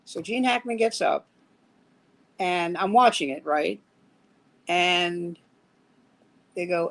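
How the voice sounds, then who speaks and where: A man's voice: high voice, takes it slowly, pauses often, rough recording. A man hosting a casual chat among comedians, telling stories with acted-out quotes. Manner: animated storyteller, acts out quotes. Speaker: comedian host.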